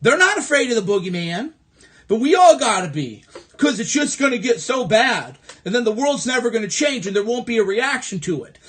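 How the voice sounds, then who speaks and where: A man from the American Midwest delivers an angry, profane livestream rant into his phone. His voice sits high for a man, and he hammers his points through sarcastic repetition. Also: very animated, a little fast, fairly bright tone, breathy edge. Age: adult. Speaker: livestream host. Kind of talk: ranting political livestream monologue.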